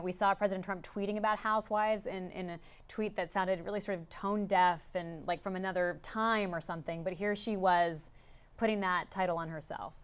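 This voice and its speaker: A young woman hosts a live political news panel, tossing conversational questions to her guests. Her voice is smooth and clear, with a medium pitch. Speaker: news anchor.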